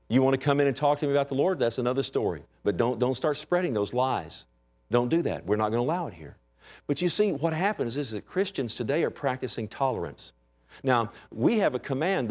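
A man's voice: mid-range voice, darkish tone. Man preaching an emphatic sermon. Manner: emphatic preaching, asks the congregation for amens. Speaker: pastor.

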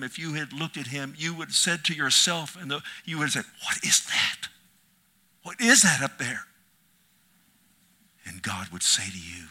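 Male pastor, fiery sermon, loud bursts to whispers. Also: fairly high pitch. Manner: impassioned, swinging from loud cries to hushed whispers.

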